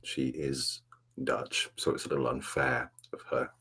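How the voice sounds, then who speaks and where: A man hosting a soft-spoken ASMR live stream, rambling laid-back as he reads and answers the chat, self-mocking. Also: a bass voice, flat delivery, unhurried, slightly rough. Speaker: ASMR livestream host.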